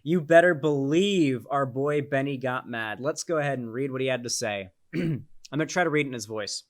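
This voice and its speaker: A man's voice: mid-range voice, moderate pace. A man giving casual, sarcastic commentary, rambling with restarts and filler words. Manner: sarcastic, exasperated. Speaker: political commentary YouTuber.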